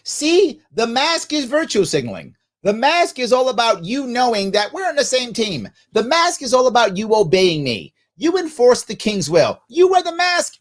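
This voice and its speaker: Sarcastic, lively high-voiced male host. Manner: mocking, sarcastic. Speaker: podcast host. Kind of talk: sarcastic commentary on clips.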